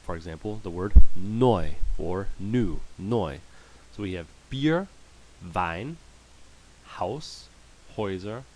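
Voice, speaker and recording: A man's voice: sits low, animated, takes it slowly, darkish tone, slight background noise. A man teaching German pronunciation in a screen-share lesson, patiently repeating each word for practice.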